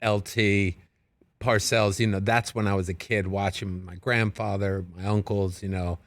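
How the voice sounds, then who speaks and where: A man from New Jersey with a general American accent, an actor guest telling stories in a relaxed, easy way. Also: on the low side, unhurried, no room sound. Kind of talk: casual interview chat.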